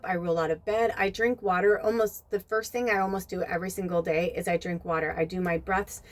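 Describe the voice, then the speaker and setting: Woman podcast host, chatty rambling solo talk, lively retelling. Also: mid-range voice. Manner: rambling, full of "like" and "you know"; animated when retelling scenes. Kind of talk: casual monologue.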